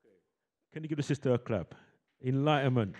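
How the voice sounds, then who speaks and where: A man's voice: mid-range voice, fast, darkish tone. A man hosting a community event, coaxing the audience into call-and-response with a handheld microphone. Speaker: event host. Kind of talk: lively audience warm-up.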